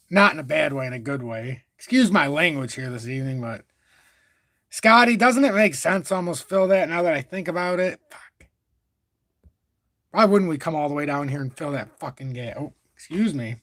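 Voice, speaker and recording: A man's voice: on the high side, animated, moderate pace, a bit bright, dry recording. A man hosting a casual crypto livestream, talking through charts in a rambling, profane, self-correcting way.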